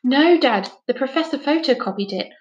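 A woman's voice: high voice, expressive, normal speed, echoey room, muffled recording, voice pushed up. A woman reading aloud, voicing an eager, determined young boy who pleads urgently. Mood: insistent.

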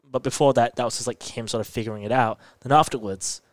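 A man co-hosting a podcast, talking through a story in casual chat and breaking into laughs often. His voice sits in a middle pitch. It is recorded dry, with no room sound. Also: fairly even intonation, quick pace, dry recording. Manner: explains plot eagerly, laughs often. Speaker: podcast co-host.

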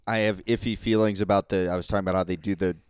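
A man co-hosting a casual music podcast, giving measured, hesitant opinions and often repeating words. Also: low-pitched, fairly even intonation, clear, resonant tone, no room sound, studio quality. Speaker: podcast co-host. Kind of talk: casual chat.

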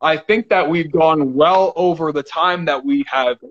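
A man's voice: fairly high pitch, unhurried. A young man from Canada with a Southern Ontario accent, hosting a casual interview and rambling with lots of fillers and giggles. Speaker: interview host. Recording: dull lo-fi sound.

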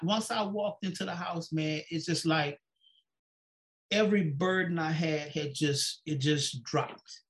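A pastor, here as a guest in a sit-down interview, recounts his personal testimony. His voice is a little high and a bit bright, and he acts out the exchanges, repeating "she said" often.

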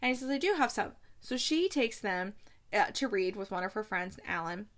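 A woman's voice: medium pitch, moderate pace. Chatty woman gushing over a movie recap. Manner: chatty, animated, gushing with playful asides. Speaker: podcast host reviewing movies. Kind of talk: casual recap chat.

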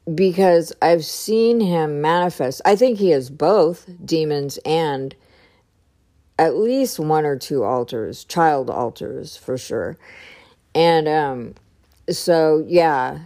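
A woman with a low, dark-toned voice tells a personal story at an unhurried pace. She speaks hesitantly and often searches for the right words, as if she is working things out aloud. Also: lively intonation.

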